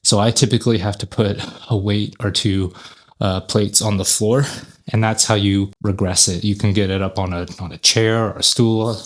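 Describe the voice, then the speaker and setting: A man talking casually to camera in a gym, chatty and rambling, often correcting himself mid-sentence as he explains his workout. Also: on the low side. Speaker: fitness YouTuber. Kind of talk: casual workout vlog talk.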